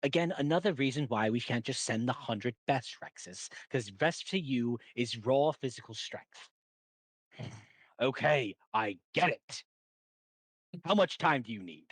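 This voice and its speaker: A man voicing a weary male leader who talks in a measured, patient way. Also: medium pitch, expressive, no room sound, pitched above the performer's own voice.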